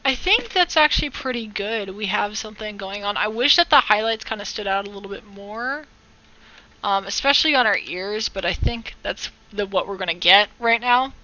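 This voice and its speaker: A woman with a bright, forceful, mid-range voice gives a casual live-stream digital art tutorial at a moderate pace, with the highs cut off in the recording. She rambles, jokes, corrects herself, and chats with her viewers.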